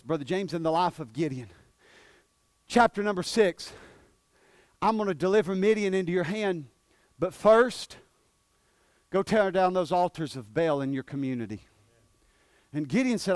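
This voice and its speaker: Man, preaching, high voice, shouts then drops to a hush. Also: no room sound, studio quality. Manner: swings between shouting and quiet, drawn-out emphasis. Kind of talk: sermon.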